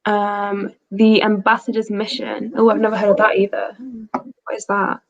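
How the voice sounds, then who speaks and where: A woman's voice: medium pitch, completely flat delivery, normal speed, vocal fry, highs cut off, crowd noise. Chatty young woman hosting a livestream. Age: 20s. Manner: chatty, reads chat comments aloud. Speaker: host. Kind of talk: casual livestream chat.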